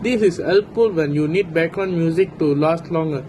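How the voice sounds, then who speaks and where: A young male student reading a tutorial script in a steady, even delivery. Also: on the high side, moderate pace, background noise. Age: young adult. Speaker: student presenter. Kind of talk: read-out tutorial narration.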